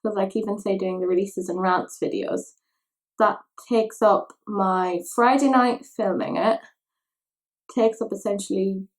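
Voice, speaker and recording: With an unhurried, mid-range voice and fairly even intonation, a young woman from Ireland chats as she does her makeup on her vlog. She rambles through asides and makes fun of herself.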